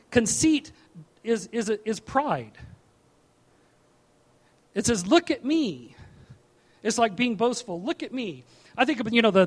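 A male pastor preaching a sermon in an animated, humorous way, repeating his key phrases. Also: sits high.

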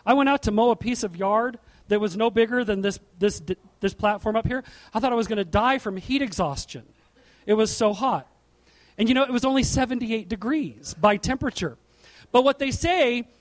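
A middle-aged man preaching a sermon from a church platform, animated and asking the congregation questions. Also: sits high. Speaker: pastor.

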